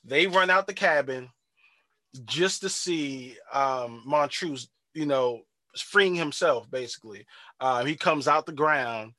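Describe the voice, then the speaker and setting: A man hosting a casual chat, recapping a TV episode in a rambling, slangy, animated way. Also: medium pitch, slow, dry recording. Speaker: podcast host.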